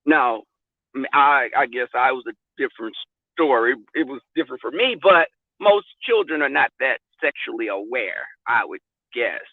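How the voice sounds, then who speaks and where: A man hosting a casual live stream, telling stories in a sassy, profane, animated way from a car. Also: medium pitch, moderate pace, no room sound. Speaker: vlog host. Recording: tinny, phone-like, dry.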